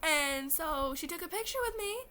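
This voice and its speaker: A woman's voice: expressive, normal speed, pushed and bright. A young woman vlogging about meeting a favorite creator, tearful and gushing as she retells it. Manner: gushing, tearful retelling, acts out quotes in high voices. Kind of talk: emotional fan vlog storytelling.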